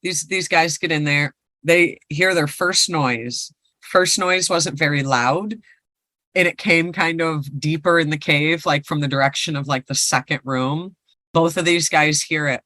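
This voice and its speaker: A woman's voice: sits low, measured pace, sharp tone, no echo. A woman co-hosting a podcast, casually retelling a ghost story and rambling with lots of fillers. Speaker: podcast co-host.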